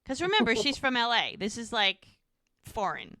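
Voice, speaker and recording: Female podcast co-host, chatty recapper, bright clear voice, dry close mic. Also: fairly high pitch, no echo. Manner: animated, quotes characters in quick bits, chatty asides. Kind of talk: casual chat, retelling scenes.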